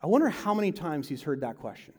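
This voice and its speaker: A man preaching a sermon, swinging from loud to hushed, slipping into quick mimicry of salesmen and advisers. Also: a little high, sing-song, slightly rough. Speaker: pastor.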